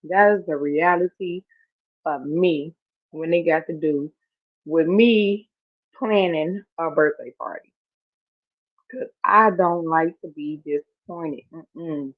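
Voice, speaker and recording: A woman vlogger chatting casually as she reacts to clips, expressive and quick to laugh. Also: low-pitched, dry recording. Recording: tinny, phone-like dry sound.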